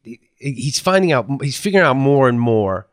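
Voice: medium pitch, sing-song, normal speed, dry recording, studio quality. A podcast host telling stories in casual chat, laughing and swearing as he goes.

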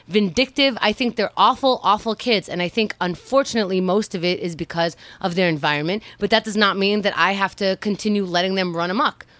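A woman's voice: medium pitch, fairly bright tone, no room sound. Blunt, argumentative woman host. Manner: blunt, argumentative, quick retorts. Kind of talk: casual chat.

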